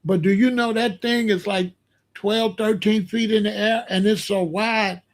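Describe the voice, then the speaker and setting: A man hosting a podcast, telling a story in a casual, animated and slangy way. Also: high voice, a little slow. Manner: animated, slangy, explains with gestures. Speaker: podcast host.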